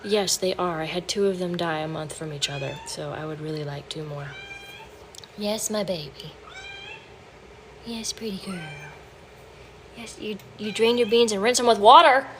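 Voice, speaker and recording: A woman's voice: on the low side, lively intonation, fairly quick, few pauses, background noise. A woman chatting casually on a livestream from her home kitchen, talking to viewers. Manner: chatty, coos baby talk to her cat. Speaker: livestream host.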